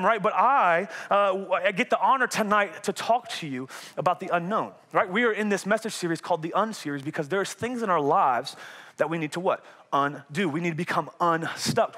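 A man in his twenties with a North Carolina accent, a youth pastor preaching an energetic, conversational sermon and often asking "right?". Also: high voice. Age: 20s.

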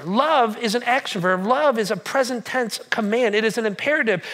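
High-voiced joking pastor. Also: male voice, normal speed, few pauses. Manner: animated, repetitive, joking asides. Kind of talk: sermon. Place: church.

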